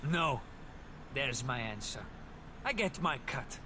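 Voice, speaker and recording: A smug, scoffing crime boss. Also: male voice, medium pitch, big pitch swings, takes it slowly, background noise. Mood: scornful. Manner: scoffing, laughs through his words. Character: smug mocking male crime boss, middle-aged. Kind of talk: game voice acting. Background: game music.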